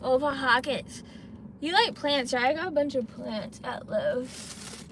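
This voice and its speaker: A woman's voice: sits high, unhurried, a bit bright, slight background noise. A young woman streaming from her parked car, chatting to viewers and ranting with plenty of swearing. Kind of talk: casual live-stream chat.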